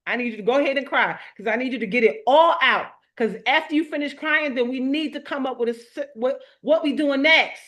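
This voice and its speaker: A woman's voice: sits high, brisk, few pauses, fairly bright tone, voice pushed up. A woman voicing her bossy, no-nonsense older sister, who gives orders in short, insistent repeated commands.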